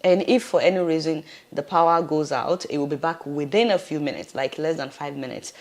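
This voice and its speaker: A woman with a Nigerian accent hosting casual political commentary, teasing and animated, laughing often. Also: low-pitched, fairly quick. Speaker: commentary host.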